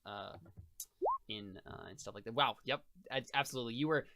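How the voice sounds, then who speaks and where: A man's voice: mid-range voice, a little fast, very noisy. A man narrating as game master of a tabletop role-playing game, rambling with lots of fillers and restarts.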